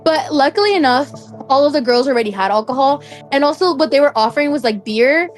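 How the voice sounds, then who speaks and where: Young woman with a high voice rambling through a story, says like a lot. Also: animated, fast talker, faint music behind. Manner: chatty, full of "like" fillers. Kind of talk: casual spoken anecdote.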